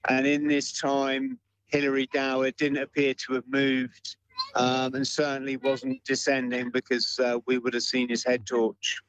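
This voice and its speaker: A man being interviewed about a mountaineering expedition, speaking in a measured way with fillers and pauses. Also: mid-range voice, monotone, fairly bright tone, no room sound, poor audio. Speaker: mountaineer guest. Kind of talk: remote interview answers.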